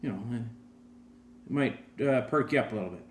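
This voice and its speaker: A man giving voice to a wry, easygoing old grandpa out fishing, told in a spoken joke. His delivery is folksy and unhurried, close to the teller's own voice. The recording sounds roomy, with faint ambience. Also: medium pitch, slight background noise, natural voice.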